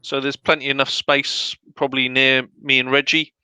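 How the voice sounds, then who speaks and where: A man playing in a tabletop role-playing game, describing his moves deliberately with many uhs. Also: mid-range voice, flat delivery, bright, forceful tone, smooth, no room sound. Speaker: player. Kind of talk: tabletop role-play chat.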